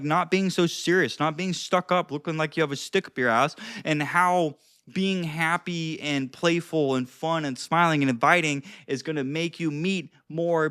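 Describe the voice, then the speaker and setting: A young man coaching social skills to camera in a loose, slangy way, full of "like" and restarts, moving between loud and quiet asides. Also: fairly high pitch. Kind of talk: casual talking-to-camera advice.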